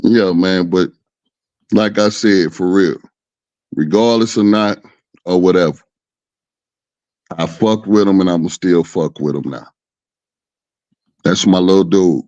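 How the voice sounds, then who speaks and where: A man's voice: low voice, unhurried, pauses often, mellow, no room sound. A man calling in as a guest who talks hesitantly and guardedly, on dull lo-fi call audio. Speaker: guest caller. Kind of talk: casual call-in talk.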